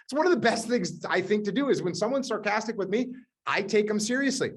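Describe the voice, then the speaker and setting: A man's voice: sits high, lively intonation, quick pace, slightly rough. A man hosting a live leadership coaching session, telling stories in a direct, emphatic way and repeating key words.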